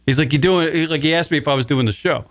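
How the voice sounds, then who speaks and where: Male radio host, slightly higher voice, dry studio sound, profane and rambling. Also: fast talker, dry recording. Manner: profane, rambling, animated retelling. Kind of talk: casual comedic chat.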